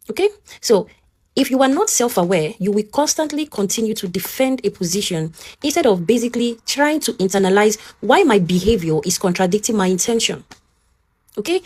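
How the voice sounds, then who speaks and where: A woman, talking casually and warmly as she teaches, often checking in with "okay?" and acting out both sides of an argument. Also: medium pitch, slightly rough. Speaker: advice talk host. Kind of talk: casual advice talk.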